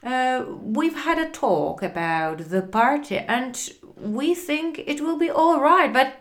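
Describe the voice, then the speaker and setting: A woman reading aloud, voicing a hesitant, halting father in a storybook. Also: high voice, lively intonation, pitched above the performer's own voice. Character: father, hesitant middle-aged man.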